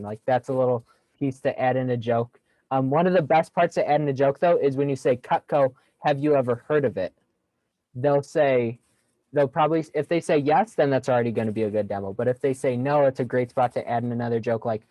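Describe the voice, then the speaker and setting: A man's voice: mid-range voice, fairly even intonation, fairly quick, mellow, dry recording, poor audio. A young man giving a casual sales training talk on a video call, upbeat and jokey, acting out phone lines as he explains them.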